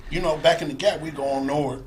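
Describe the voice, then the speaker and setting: A man's voice: fairly high pitch, steady tone, fast talker, slight background noise. A middle-aged man telling a story in casual street slang, acting out the other people's voices as he goes. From Compton, California. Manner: laid-back street slang, acts out voices in his stories. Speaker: guest storyteller.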